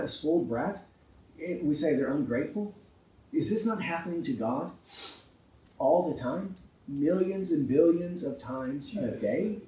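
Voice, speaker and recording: A man's voice: a little high, darkish tone, reverberant, recorded from a distance, low-quality recording. A man preaching a sermon with emphasis, often asking his listeners rhetorical questions and checking in with "right?".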